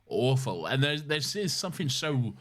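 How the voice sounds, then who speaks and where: A man's voice: mid-range voice, sing-song, moderate pace, fairly bright tone. A man co-hosting a casual rewatch podcast, blunt and mocking, laughing often as he talks. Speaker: podcast co-host.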